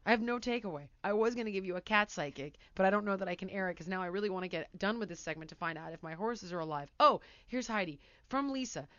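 A woman talk show host telling a story in a casual, animated way, acting out scenes as she goes. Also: medium pitch, quick pace, few pauses, dry recording, lo-fi sound. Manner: animated, laughs mid-sentence, acts out scenes.

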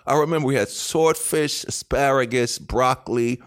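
Guy telling a wild story on an interview show, does all the voices, swears a lot, normal pitch. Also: moderate pace. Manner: animated storyteller acting out quotes, swears freely. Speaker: interview guest. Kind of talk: casual anecdote telling.

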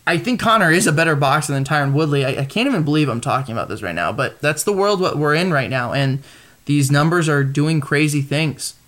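Man, solo podcast host, casual rambling commentary, fairly high voice, lots of ums and restarts. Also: expressive, brisk, a bit bright.

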